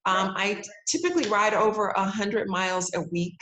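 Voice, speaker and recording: A woman's voice: medium pitch, normal speed, a bit bright, slight background noise. Upbeat laughing woman, roomy sound. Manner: upbeat, laughs often, emphatic repetition. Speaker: TV judge, interview guest. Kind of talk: casual interview talk. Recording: roomy echo.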